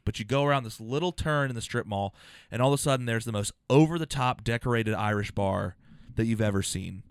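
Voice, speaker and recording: Comedian dude hosting a podcast, rambling stories, swears a lot, dry close sound. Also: male voice, mid-range voice, clear, resonant tone, no echo. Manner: rambling storyteller, swears freely. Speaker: podcast host and stand-up comedian. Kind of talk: casual podcast chat.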